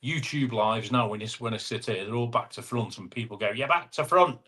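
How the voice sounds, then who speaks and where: With a lowish, steady voice that's a bit bright and slightly rough, this man hosts a laid-back live chat at home. He reads viewers' comments, calls them "mate," and chats with quick asides, wearing a wireless clip-on mic.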